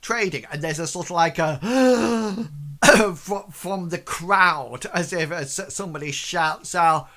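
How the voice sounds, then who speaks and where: Male game master, bright voice, hesitant storyteller. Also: on the high side, fairly even intonation. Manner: hesitant, many fillers, puts on quick voices for townsfolk. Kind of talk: narrating a tabletop game.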